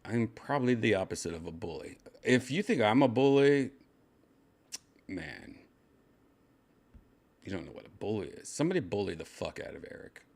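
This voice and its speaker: A man's voice: on the low side, expressive, moderate pace, long pauses, darkish tone. An older man hosting a casual show from his home, rambling and joking crudely. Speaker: host. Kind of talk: casual chat. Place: second-floor home room.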